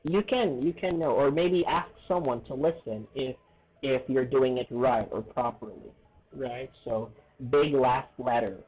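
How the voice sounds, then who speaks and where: A man teaching an English lesson in a casual, earnest way, often checking in with "okay?" and "right?" and stressing words slowly. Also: mid-range voice, husky. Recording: tinny phone-like audio.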